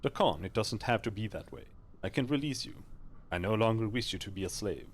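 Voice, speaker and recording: A man's voice: on the low side, expressive, fairly quick, a little hiss or hum, close to an everyday voice. A man voicing a curious immortal hero, reading game dialogue aloud and asking plain, probing questions.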